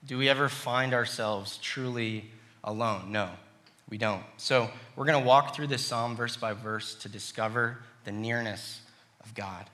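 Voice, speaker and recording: Bright-voiced male pastor preaching. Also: mid-range voice. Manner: reads scripture slowly, then tells stories with lively acted-out quotes. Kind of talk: sermon.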